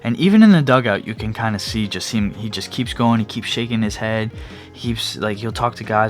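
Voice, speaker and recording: With a fairly low pitch and a brisk delivery, this young man runs a solo sports podcast, rambling casually through restarts and fillers. He yawns at times, and faint music plays in the background.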